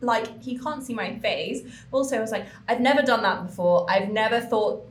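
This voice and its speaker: Animated woman telling a story, swearing freely. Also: a little high, moderate pace, echoey room. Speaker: podcast co-host. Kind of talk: casual chat.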